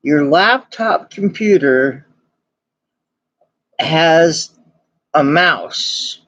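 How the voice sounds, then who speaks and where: A man's voice: a little high, lively intonation, very slow, bright, forceful tone, dry recording. A man streaming and chatting casually, giggling and laughing constantly between his phrases. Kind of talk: casual chat.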